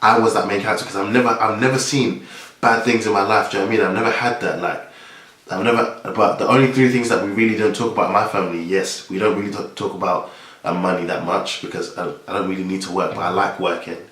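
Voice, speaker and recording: A man's voice: on the low side, steady tone, fast, fairly bright tone, echoey room. A young man from Nigeria giving a rambling, casual vlog monologue full of restarts and fillers.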